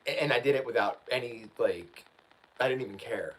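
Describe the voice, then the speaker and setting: A man's voice: medium pitch, animated, brisk, fairly bright tone, a little hiss or hum, low-quality recording. A man hosting his channel, telling a story in a casual livestream chat, ranting and often saying "dude" and "man". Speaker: channel host.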